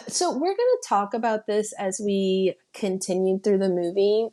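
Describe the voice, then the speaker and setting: A woman's voice: mid-range voice, expressive, unhurried, dark tone. A woman walks through a film's story scene by scene, taking her time over each beat. She talks casually and bluntly, dropping swear words as she goes. Her voice sits in an ordinary middle range. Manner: blunt and profane, with laughter. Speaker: podcast host. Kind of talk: casual plot recap.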